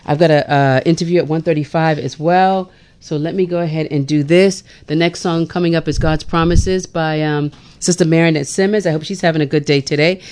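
A woman's voice: low voice, fairly even intonation, a little fast, darkish tone, clean tone. A middle-aged woman hosting a chatty radio show, laughing often between prayers and callers. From Bermuda. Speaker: radio host. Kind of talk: casual radio chat and prayer.

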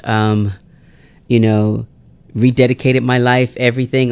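A woman host telling a personal story in a casual chat, lively and laughing often, with many fillers. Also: very deep voice, measured pace, clean tone.

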